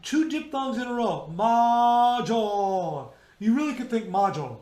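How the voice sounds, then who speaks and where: A high-pitched man teaches a choir how to shape their sounds, stopping again and again to demonstrate a vowel or consonant aloud. His voice rings out in a roomy, echoey space. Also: sing-song, a little fast, darkish tone. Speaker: choir director. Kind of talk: rehearsal teaching on singing diction. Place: indoors, remote rehearsal video.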